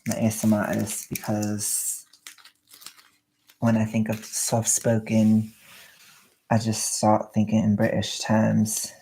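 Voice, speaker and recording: A young woman vlogging at home, chatting casually and rambling in a soft-spoken way while she wraps gifts. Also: rumbling low, monotone, slow pace, pauses often, a little hiss or hum.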